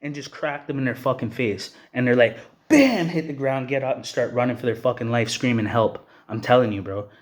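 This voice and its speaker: Talking brisk and hardly pausing, the man from Canada vents a heated, swearing rant at the camera, his vlog peppered with "you know what I mean." He has a medium, expressive voice.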